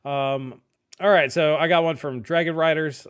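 A man's voice: fairly high pitch, steady tone, normal speed, clean tone. Laid-back middle-aged man on a podcast. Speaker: podcast host. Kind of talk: casual tech podcast chat.

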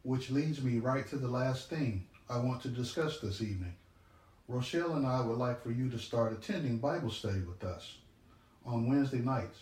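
A man's voice: mid-range voice, darkish tone, distant mic, lightly acted. A man playing a formal preacherly husband, roomy. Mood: earnest. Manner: measured, formal preacherly delivery. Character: pious husband Philip, a lay minister. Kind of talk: audio drama acting.

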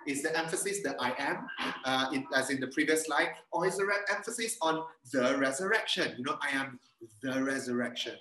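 Male preacher, earnest, repetitive emphasis, bright tone, roomy sound a little off-mic. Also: a little high, fairly quick. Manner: earnest, repeats phrases for emphasis. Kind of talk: sermon over video call. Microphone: video call. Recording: echoey room, a bit far from mic.

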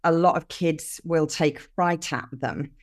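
Older woman, podcast guest, earnest explaining, lowish voice. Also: unhurried. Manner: earnest and explanatory, with lively emphasis. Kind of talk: casual conversation.

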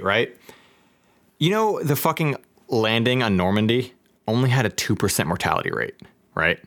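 A man's voice: fairly low pitch, big pitch swings, moderate pace, a bit bright. A man in casual chat, ranting in exasperation with constant swearing.

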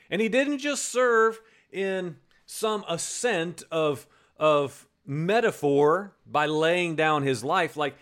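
Guy preaching a sermon, kinda high voice, chatty, acts out the quotes. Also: expressive, takes it slowly, fairly bright tone. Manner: conversational, repeats words, acts out quotes.

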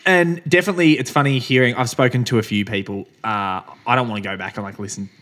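A man's voice: medium pitch, fast, fairly bright tone. A young man co-hosting a podcast, rambling through a casual story with loose swearing and frequent laughs. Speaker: podcast co-host. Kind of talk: casual chat.

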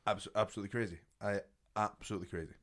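A man in his thirties co-hosting a podcast, excitable and sweary, stressing his words hard. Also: on the low side, rapid-fire. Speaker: podcast co-host. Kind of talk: casual comedic banter.

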